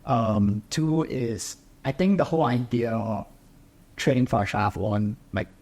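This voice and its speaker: A man's voice: medium pitch, measured pace, a little mellow. A young man from Singapore, a triathlete guest, chatting casually and hesitantly with many fillers and restarts. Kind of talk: casual interview chat.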